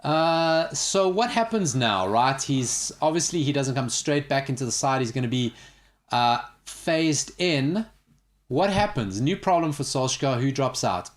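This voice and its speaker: A man's voice: medium pitch, expressive, measured pace. A man hosting a sports talk show, opinionated and sarcastic in casual banter. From South Africa.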